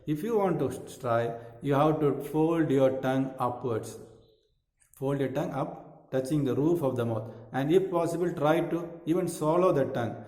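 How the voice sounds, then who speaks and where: A male yoga teacher explains breathing in a mellow, unhurried voice. He repeats phrases and pauses with fillers as he guides the class. The sound rings in a roomy space with a long echo. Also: a little high. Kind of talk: instructional talk on breathing. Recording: echoey room with long reverb.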